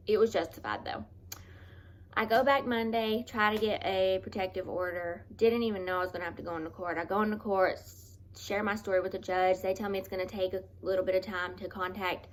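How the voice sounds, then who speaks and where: Woman vlogger doing a storytime, earnest and kinda halting, keeps restarting, bit of faint noise behind. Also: medium pitch. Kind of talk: personal storytime vlog.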